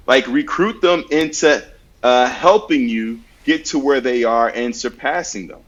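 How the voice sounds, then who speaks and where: A man's voice: mid-range voice, measured pace. Earnest man giving advice, lo-fi. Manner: earnest, storytelling with acted-out examples. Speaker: podcast guest giving mental health advice. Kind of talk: conversational advice with anecdotes.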